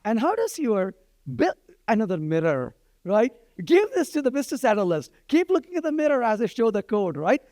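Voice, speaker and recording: A man's voice: sits high, wildly swooping pitch, a little fast, warm tone, dry recording, studio quality. A middle-aged man giving a live-coding lecture, talking in a conversational way and often checking in with "right?". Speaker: programming instructor.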